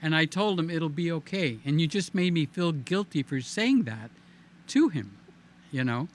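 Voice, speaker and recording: A man's voice: a little high, sing-song, normal speed. A man hosting a casual conversation, telling a story and checking in with his listener. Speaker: host.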